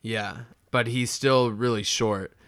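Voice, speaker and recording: Guy chatting on a podcast, smooth clear voice, dry mic, tells stories lively. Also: medium pitch, slow, no room sound. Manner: animated storyteller, acts out lines, laughs. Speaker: podcast co-host recapping a cartoon. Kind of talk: casual chat.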